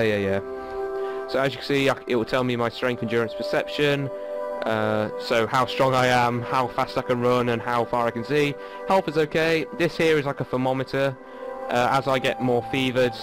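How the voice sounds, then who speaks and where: A man casually commenting as he plays a video game. He rambles a little and fills pauses with lots of ums. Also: mid-range voice. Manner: chatty, rambling with many fillers. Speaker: gaming channel host. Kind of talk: casual let's play commentary. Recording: game audio under the voice.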